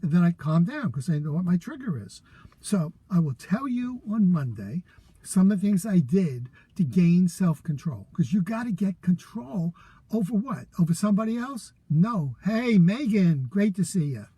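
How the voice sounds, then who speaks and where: An older man with a fairly high, husky voice tells a personal story in a candid, rambling way. He often restarts his sentences. The sound is close and dry, with a mellow tone. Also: sing-song, normal speed, no echo. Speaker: host. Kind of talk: casual talk to a live audience.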